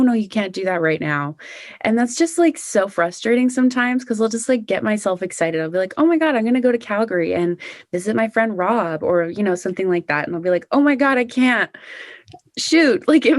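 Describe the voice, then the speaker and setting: A woman's voice: mid-range voice, a little mellow, dry recording, clean studio sound. A young woman, a country singer-songwriter, chatting bubbly and casually in an interview, full of "like" and "you know".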